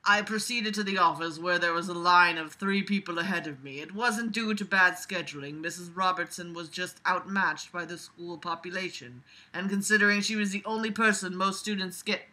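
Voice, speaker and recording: A woman's voice: lowish voice, steady tone, moderate pace, hardly any pauses, sharp tone. A woman reading a web story aloud at home, with sarcastic asides and laughter while playing with her cat. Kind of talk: casual reading with commentary.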